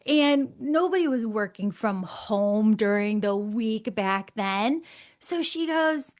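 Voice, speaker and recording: Middle-aged woman, fairly high voice, animated storyteller, laughs a lot, show guest. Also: takes it slowly. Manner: lively, laughs often, acts out quoted voices. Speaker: guest, angel communicator. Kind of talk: personal storytelling in conversation.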